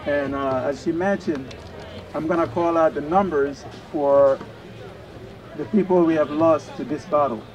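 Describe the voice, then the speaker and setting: A man from Mali making informal, soft-spoken announcements as an organizer at an outdoor rally. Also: fairly high pitch, measured pace, lo-fi sound. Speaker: rally organizer reading out names. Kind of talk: casual announcements. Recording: outdoor rally with crowd and music.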